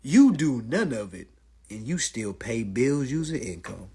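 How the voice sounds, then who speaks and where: Husky guy with aave ranting on his phone live, voice jumps all over high and low. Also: measured pace. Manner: animated, profane, mimics others' voices. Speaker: livestream host. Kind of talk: casual livestream rant. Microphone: phone livestream.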